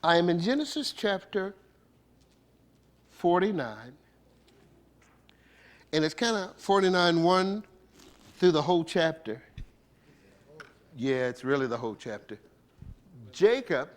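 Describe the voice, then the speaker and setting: A male bishop delivers a sermon in a high, animated voice that swoops up and down. He keeps it conversational and playful, tossing rhetorical questions at the room. His speech carries a flavor. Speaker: bishop preaching.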